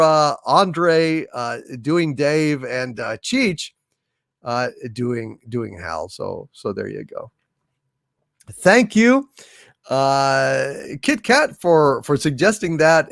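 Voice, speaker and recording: A male host chatting with his livestream viewers, rambling and loose with plenty of fillers. His voice is animated and slow-paced. The sound is dry and close, with little room echo. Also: fairly high pitch, gravelly. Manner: rambling, many fillers, chuckling. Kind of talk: casual chat with live chat readers.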